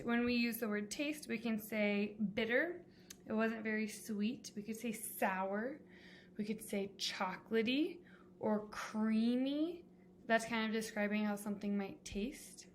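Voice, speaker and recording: A woman's voice: fairly high pitch, unhurried. Woman teacher, classroom lesson, patient, step-by-step, faint background hiss. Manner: patient, explaining step by step with examples.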